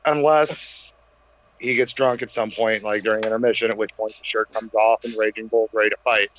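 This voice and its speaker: A man's voice: on the low side, steady tone, fairly quick, fairly bright tone, lo-fi sound, slight background noise. A man chatting casually as a guest, laid-back and profane, calling people dude. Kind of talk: casual chat.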